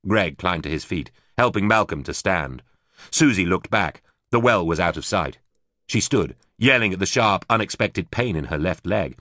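Guy reading a novel aloud, really low voice, dead dry sound. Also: normal speed, dry recording. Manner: steady, even storytelling. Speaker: narrator. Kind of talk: audiobook narration.

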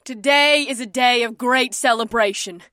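A woman's voice: on the high side, moderate pace, sharp tone, no room sound, studio quality. A woman voicing a commanding rhino-woman queen mother in an audiobook, with a bombastic, declaring manner. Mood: proud. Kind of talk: audiobook character voice.

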